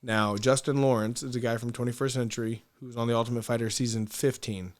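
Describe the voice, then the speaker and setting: Swearing, animated man telling stories. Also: mid-range voice, quick pace. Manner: animated, laughs often, swears freely, restarts sentences. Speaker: podcast guest. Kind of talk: casual storytelling.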